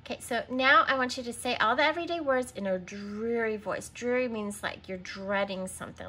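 A woman teaching young children to read in a recorded lesson. Her voice is bright and a little high, and she takes her time, sounding words out and spelling them letter by letter. She patiently prompts her listeners to stop and answer. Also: fairly quick, hardly any pauses.

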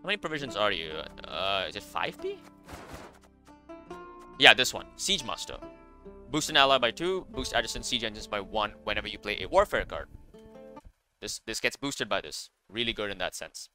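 A man with a low-set voice chats through a card game as a content creator. He sounds bright and forceful, piles on fillers and corrects himself mid-sentence. Soft music plays behind him. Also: big pitch swings, normal speed, pauses often. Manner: enthusiastic, rambling, many fillers and self-corrections. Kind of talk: casual gameplay commentary.

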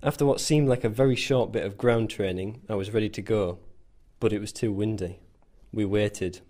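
A man with a fairly low voice reads his own story aloud. His delivery is dry and wry, with a self-mocking edge. It is paced like a scripted narration. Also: fairly even intonation, moderate pace, mellow. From England. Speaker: volunteer soldier. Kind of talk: scripted first-person narration.

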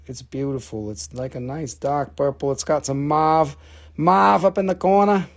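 Male live-sale host, excitable and joking, slightly higher voice. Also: normal speed, vocal fry. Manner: excitable, swears, jokes, talks to viewers. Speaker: live-stream seller of minerals. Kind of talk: casual live-sale patter.

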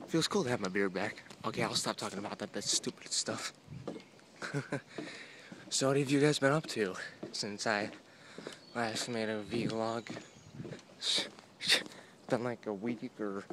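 A young man vlogging outdoors on a boardwalk, talking into a phone at arm's length in a rambling, self-mocking way. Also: on the low side. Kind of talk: casual walking vlog. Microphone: phone held at arm's length. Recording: outdoor phone audio with steady noise.

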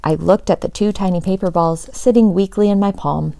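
A teacher reading a children's chapter book aloud with steady, expressive storytelling, close to the mic. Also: female voice, fairly low pitch, a little fast, vocal fry, no room sound.

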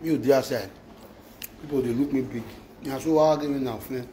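A man's voice: mid-range voice, steady tone, normal speed, mellow, slight background noise, poor audio. Nigerian man in a repetitive rant. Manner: repetitive, mixes Pidgin with exclamations. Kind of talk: emotional rant.

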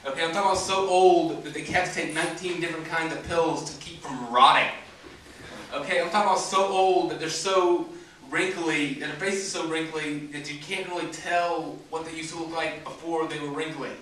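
A man's voice: on the high side, steady tone, a little fast, a bit bright, recorded from a distance, slight background noise. Rambling Southern man on an echoey stage. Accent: light Southern US twang. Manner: rambling, many fillers, brash. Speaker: stand-up comedian. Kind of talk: open-mic stand-up. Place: comedy club stage. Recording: echoey club heard from afar.

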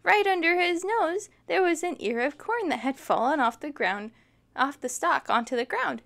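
A woman reading a children's picture book aloud, expressive and adding sympathetic asides. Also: high voice, normal speed, gravelly. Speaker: storytime reader.

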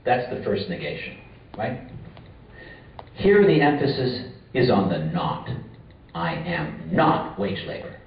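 A man giving an academic lecture at a conference, measured and repeating key phrases for emphasis. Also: on the low side. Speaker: conference speaker. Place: conference room. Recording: far-off echoey lo-fi hall recording.

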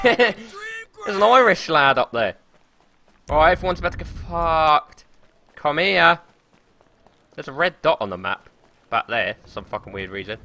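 A young man streaming a game live, commentating excitably with frequent swearing and laughter into a desk or headset microphone. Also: a little high, a little slow, long pauses. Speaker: gaming streamer.

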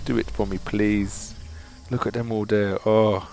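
A man hosting a gaming channel, commenting on opening game crystals, excitable and exasperated, pleading with the game and calling his viewers dudes. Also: fairly low pitch, measured pace, creaky, soft background music. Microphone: desktop mic.

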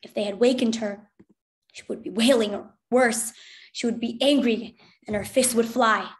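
Woman, teacher, storybook read-aloud, fairly high voice, expressive, clear. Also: moderate pace.

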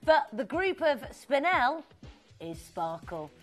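A woman hosts live television shopping in a bubbly, chatty manner, reading out viewers' names between sales patter. Her voice sits high, and faint music plays under her in the studio. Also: big pitch swings, slow. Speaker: shopping channel presenter.

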